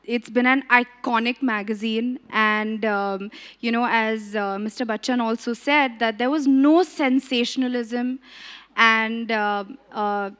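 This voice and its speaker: A woman's voice: fairly high pitch, steady tone, unhurried, a bit bright, smooth. Hesitant woman. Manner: hesitant, thoughtful, lots of fillers. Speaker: actress, interview guest. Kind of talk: press event interview.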